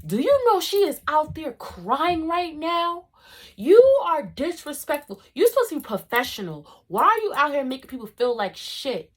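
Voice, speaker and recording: A woman voicing a furious young male acting student, shouting heated accusations at his instructor. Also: sits high, very animated, moderate pace, pitched above the performer's own voice.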